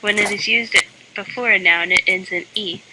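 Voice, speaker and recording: Deadpan woman reading a mock lesson. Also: medium pitch, moderate pace. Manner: deadpan, flat-voiced delivery. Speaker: lesson narrator. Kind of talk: mock language lesson reading with joke asides. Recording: loud constant background hiss.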